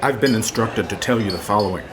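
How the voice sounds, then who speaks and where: A man's voice: lowish voice, fast talker, noisy background, natural voice. A man playing a formal police officer in a documentary reenactment, delivering an official order. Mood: stern. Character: stern male police officer delivering a ban. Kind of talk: reenactment acting.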